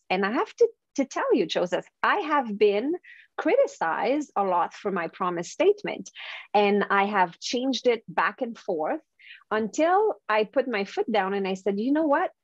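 A French Canadian woman speaking English as her second language tells her story with lively energy and frequent laughs, often restarting her phrases. Her voice sits mid-range and the recording is dry and a little dull. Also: mid-range voice, measured pace, dry recording. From Quebec, Canada. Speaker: guest, confidence coach and speaker. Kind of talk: podcast interview conversation.

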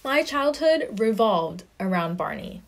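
A woman's voice: a little high, big pitch swings, unhurried. A young woman chatting casually to the camera, lots of "like" fillers and little laughs. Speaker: vlogger.

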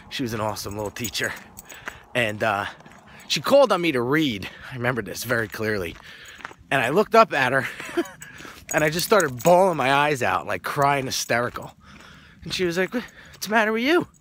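A man's voice: medium pitch, sharp tone, a little hiss or hum. A man casually telling a personal story to camera, earnest, often repeating words as he searches for them. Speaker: motivational vlogger.

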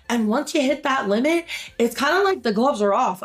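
A woman's voice: fairly high pitch, animated, moderate pace. A woman hosting a reaction video, reading online posts aloud and giving blunt, opinionated commentary with free swearing.

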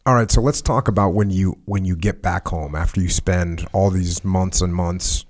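A man's voice: low-pitched, steady tone, moderate pace. A man hosting a podcast, asking his guest direct questions in a conversational way. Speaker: podcast host. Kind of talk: casual interview.

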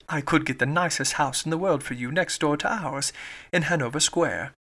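A man's voice: fairly high pitch, moderate pace, bright, forceful tone. A man voicing a cheerful, talkative young woman in an audiobook, gushing along in chatter.

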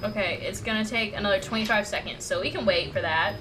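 A woman's voice: medium pitch, fast, poor audio. Chatty swearing woman streaming a game. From United States. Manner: chatty, swears, reads dialogue aloud. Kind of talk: casual gameplay commentary. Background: game music.

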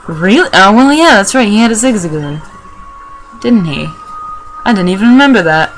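A woman's voice: fairly low pitch, expressive, moderate pace, a bit bright, a little hiss or hum, low-quality recording. Sweary young woman doing game commentary. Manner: rambling, sweary, jokey. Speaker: let's play gamer. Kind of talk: casual gameplay commentary.

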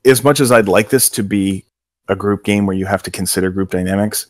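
A middle-aged man in casual chat, telling a story about his job with quick quoted voices. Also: fairly low pitch, no room sound. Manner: animated anecdote with acted quotes. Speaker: game company co-worker telling his hiring story.

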